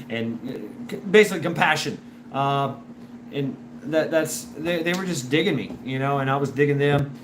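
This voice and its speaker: A man hosting a show in a casual, rambling monologue, full of restarts and repeated words, and animated when he imitates other people. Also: medium pitch, moderate pace. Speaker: show host. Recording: noisy background.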